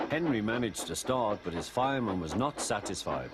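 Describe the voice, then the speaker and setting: A man reading a storybook aloud in a measured, expressive way. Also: lowish voice, music in the background. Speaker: narrator. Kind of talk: storybook narration.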